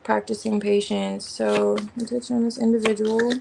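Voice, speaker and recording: A woman talks through a tarot spread in a loose, chatty way, naming cards as she turns them and musing out loud. Her voice has a gravelly fry, and her speech stays informal and slangy. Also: medium pitch, level tone, normal speed, background noise. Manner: rambling, thinking aloud while naming cards. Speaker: tarot reader. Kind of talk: casual tarot reading.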